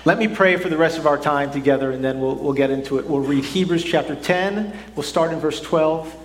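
A man's voice: on the high side, a little fast. A middle-aged man preaching a sermon in a church, talking conversationally and often repeating words as he restarts. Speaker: pastor. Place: church sanctuary. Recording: echoey hall, faint room noise.

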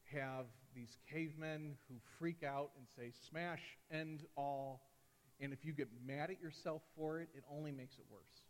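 A man in his thirties preaching a sermon as a pastor, telling stories and acting out quotes with lively shifts. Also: a little high. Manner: animated storytelling with acted-out quotes. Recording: long reverb of a large hall.

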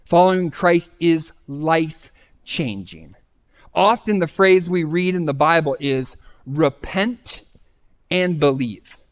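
A man with a slightly high speaking voice delivers a sermon as a pastor. He talks in a loose, conversational storytelling way, then turns it into plain teaching. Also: slow.

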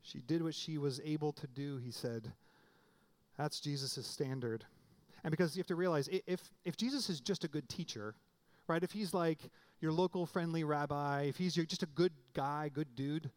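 A man with a somewhat high voice preaching a sermon in a relaxed, conversational way. He often restarts his phrases and then jumps up in pitch to stress a point. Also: normal speed. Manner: conversational preaching with restarts and sudden emphatic rises. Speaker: pastor.

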